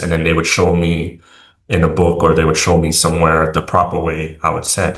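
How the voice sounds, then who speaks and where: American man, low and slow, halting casual guest, roomy echo. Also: monotone, fairly bright tone. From United States. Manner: hesitant, many fillers and restarts. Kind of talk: casual interview talk.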